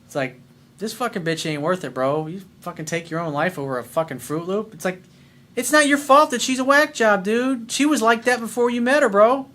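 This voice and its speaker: A man's voice: sits high, expressive, a little fast, a bit bright. A man coaching on dating in a casual monologue, blunt and emphatic, swearing freely as he reads and answers a viewer's message.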